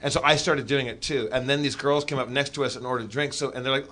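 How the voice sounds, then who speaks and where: High, bright-voiced man telling a funny story. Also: rapid-fire, hardly any pauses. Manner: animated, acts out the voices of people in the story. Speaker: comedy podcast host. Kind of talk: comedic storytelling on a live podcast.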